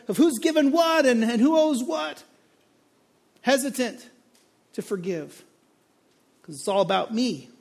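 A male pastor preaching a sermon on a parable, acting out the characters' lines with dramatic emphasis. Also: very high-pitched.

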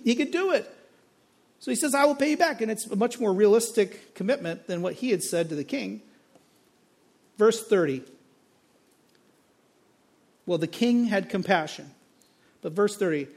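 A male pastor preaching a sermon on a parable, acting out the characters' lines with dramatic emphasis. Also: extremely high pitch.

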